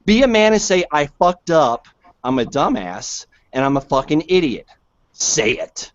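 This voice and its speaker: A man's voice: a little high, very animated, moderate pace, no room sound. Cursing, taunting man on a dull line. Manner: cursing, taunting, shouting threats. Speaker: podcast guest. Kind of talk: heated podcast argument. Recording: dull lo-fi sound.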